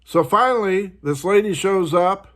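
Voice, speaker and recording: Male vlog host, high-pitched, frustrated casual rant straight to camera. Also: a little slow, fairly bright tone. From United States. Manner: frustrated, ranting, mimics others in a higher voice.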